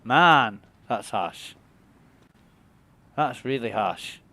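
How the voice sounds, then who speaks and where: A man's voice: mid-range voice, lively intonation, extremely slow, bright, forceful tone. A man streaming a video game, rambling casually about what he sees and swearing now and then. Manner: laid-back, rambling, swears freely. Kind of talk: casual gaming commentary.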